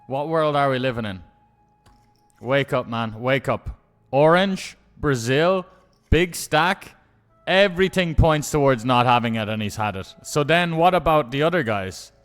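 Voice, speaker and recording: A mid-pitched man talks through his live poker stream, mostly muttering to himself in exasperation. His swearing is frequent and offhand. Faint music plays in the background. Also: animated, unhurried, clean tone. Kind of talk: live-streamed game commentary.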